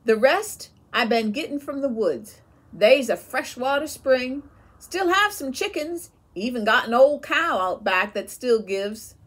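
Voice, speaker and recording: A fervent, homely old mother from a storybook, speaking in folksy rural dialect with a lively, swooping voice, as a woman reader puts her on. She talks slowly and a little breathily, raised higher than plain speech. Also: slightly rough, exaggerated voice. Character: devout older mother, tender and homely.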